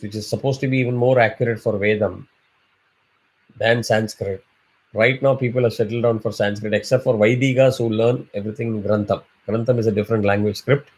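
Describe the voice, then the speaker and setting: A man's voice: mid-range voice, a little mellow. A man teaching a chanting class, explaining patiently and drawing out syllables as examples. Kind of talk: online class instruction.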